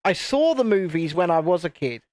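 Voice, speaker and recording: A man's voice: high-pitched, big pitch swings, moderate pace, a little mellow, no room sound, studio quality. A man chatting casually and rambling on a live stream while building Lego. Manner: chatty, rambling, self-interrupting.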